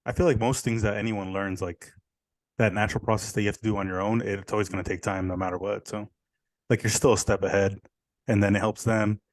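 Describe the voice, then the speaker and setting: A man's voice: on the low side, fairly even intonation, fairly quick, dry recording. A man co-hosting a podcast, chatting casually, blunt and opinionated, with some swearing. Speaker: podcast co-host. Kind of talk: casual chat.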